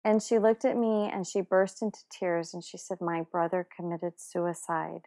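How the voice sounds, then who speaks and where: A woman's voice: lowish voice, moderate pace. Chatty woman telling a story. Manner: animated, many fillers and restarts. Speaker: guest telling a personal story. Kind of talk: casual personal storytelling.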